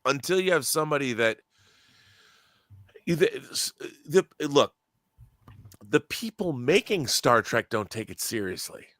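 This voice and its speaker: Man, podcast co-host, ranting, swears a lot, bright edgy voice, dry sound. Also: mid-range voice, sing-song, a little slow, long pauses, no room sound. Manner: emphatic and ranting, swears freely, stumbles and restarts. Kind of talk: casual opinionated chat.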